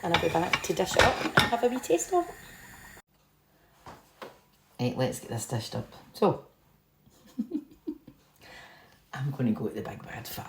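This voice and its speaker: A woman's voice: low voice, vocal fry, background noise. A woman chatting casually and rambling while she cooks at home, laughing at herself. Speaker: home cook. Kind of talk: casual cooking vlog. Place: home kitchen. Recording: echoey kitchen with clattering pans.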